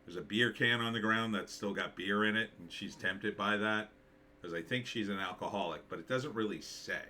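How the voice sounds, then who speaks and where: A man's voice: lowish voice, normal speed, sharp tone. A man talking through a movie trailer in casual commentary, thinking aloud and rambling with many fillers. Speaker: screenwriter reviewing a movie trailer.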